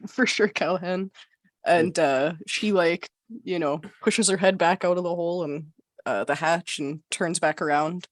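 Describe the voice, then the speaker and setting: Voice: mid-range voice, measured pace, dry recording, studio quality. An adult tabletop role-playing player who thinks aloud, musing and restarting sentences. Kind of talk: tabletop role-play chat.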